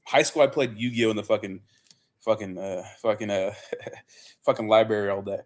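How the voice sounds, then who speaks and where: Young male streamer, rambling, cussing, relaxed chat to viewers. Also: fairly low pitch, moderate pace. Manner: loose, profane, rambling with many fillers and "bro". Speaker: livestream host. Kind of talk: casual livestream chat reading viewer comments.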